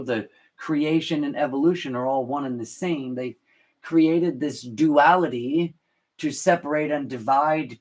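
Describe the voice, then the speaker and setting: A man hosting a podcast, explaining scripture in unscripted talk, halting and deliberate with frequent restarts. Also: mid-range voice. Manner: halting, many restarts and fillers, slow and deliberate. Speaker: podcast host.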